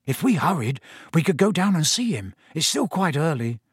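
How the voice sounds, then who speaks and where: A man's voice: a little high, sing-song, normal speed, slightly rough, no room sound, clean studio sound, heavily acted. A man voicing a gloomy, blunt, loyal teenage schoolboy.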